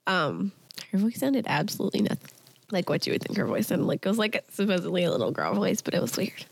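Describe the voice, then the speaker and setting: Gravelly young woman telling a rambling story. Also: on the low side, lively intonation, fast talker, a little hiss or hum. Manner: rambling storytelling with many fillers. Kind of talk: casual chat.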